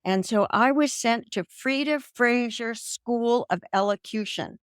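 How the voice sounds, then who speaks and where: Older woman, interview guest, animated storyteller, dry sound. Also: fairly high pitch, measured pace, clear, resonant tone, no room sound. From American South. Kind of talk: casual interview talk.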